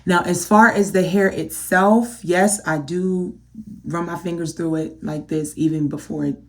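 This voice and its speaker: Woman vlogger, casual home chat, animated, exasperated. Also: lowish voice, a little slow. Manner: animated, exasperated rhetorical questions; addresses viewers as y'all. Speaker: beauty vlogger.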